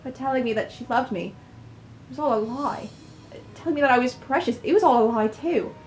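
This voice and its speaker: A woman's voice: high-pitched, fairly quick, a little mellow, soft background music, lightly acted. A woman voicing an earnest young man, the hurt adopted son, in a pleading, wounded way.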